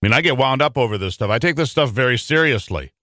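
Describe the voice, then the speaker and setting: A man's voice: medium pitch, expressive, fast talker, bright, forceful tone, dry recording, studio quality. A middle-aged man from Michigan hosting a talk radio show, chatting in a rambling, conversational way full of fillers.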